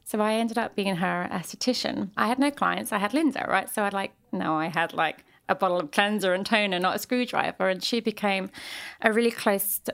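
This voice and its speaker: A London woman talks as a podcast guest, spinning lively anecdotes. Her voice has a gravelly, fry-edged texture at a mid pitch, and she acts out the voices of the people in her stories. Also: brisk. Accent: London English. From London, England. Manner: lively storyteller who acts out quoted dialogue. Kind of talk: casual interview storytelling.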